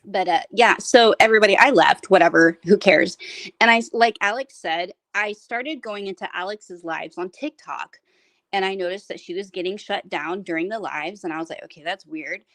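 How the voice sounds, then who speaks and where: A woman's voice: mid-range voice, normal speed, a bit bright, dry recording. A woman in casual chat, telling a rambling story with frequent laughs.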